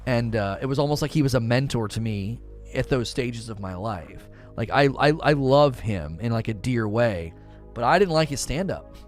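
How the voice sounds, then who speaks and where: A man hosting a livestream, chatting casually with viewers and reading out their comments, animated and given to trailing off quietly at the ends of his thoughts. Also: moderate pace, faint music behind. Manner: animated, with sudden high-pitched bursts when quoting. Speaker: livestream host.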